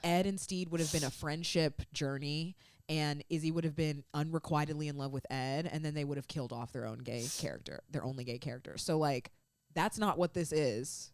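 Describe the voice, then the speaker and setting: A woman co-hosts a casual fan podcast, talking through scenes she loved in a rush of feeling. Her voice sits low, and the sound is dry and close. She strings thoughts together with plenty of "like.". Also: brisk, a little mellow, dry recording. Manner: gushing, emotional recap with many "like" fillers. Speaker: podcast co-host.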